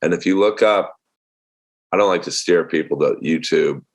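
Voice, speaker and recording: A man with a deep voice, a stand-up comedian telling stories as a guest in a casual interview. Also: moderate pace. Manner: relaxed storytelling with many fillers.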